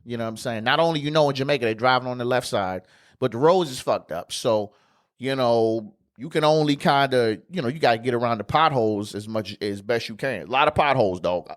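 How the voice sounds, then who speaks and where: A man's voice: mid-range voice, fairly quick. Laid-back man spinning a slangy story. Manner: slangy and profane, heavy with fillers. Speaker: podcast host. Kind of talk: casual storytelling.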